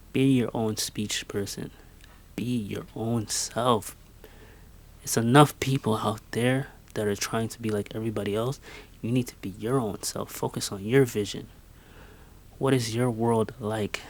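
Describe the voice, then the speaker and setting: A young man in his twenties delivers a motivational talk, earnest and emphatic. His voice sits a little on the low side, and he drives points home by repeating short phrases. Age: 20s. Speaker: podcast host. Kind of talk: motivational monologue.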